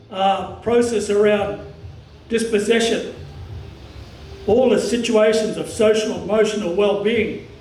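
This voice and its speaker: An Australian man from the Cairns region giving an impassioned public speech at a commemoration, talking strong and forceful in halting phrases. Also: sits high, reverberant, far from the mic, low-quality recording. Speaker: community speaker at a commemoration.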